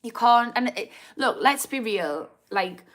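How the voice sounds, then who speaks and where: A woman's voice: fairly high pitch, animated, slow, a bit bright. A woman with a Geordie accent and a slightly posh edge, chatting frankly on a livestream and answering viewers' comments as host. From Newcastle, England. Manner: frank and chatty, swears freely, reads comments aloud. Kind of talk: casual live-stream chat.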